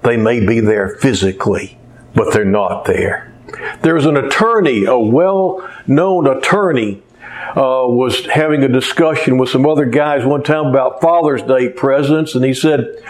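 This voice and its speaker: Unhurried and medium-pitched, a man preaches a sermon built around storytelling. He tends to ramble, occasionally losing his thread and starting over.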